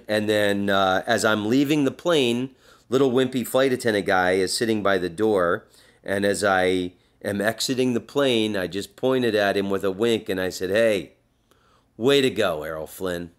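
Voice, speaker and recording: A man's voice: on the low side, normal speed, clear, resonant tone. A man hosting a podcast, telling a story with crude jokes and reading passages aloud. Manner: animated storyteller, crude jokes, acts out voices. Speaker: podcast host.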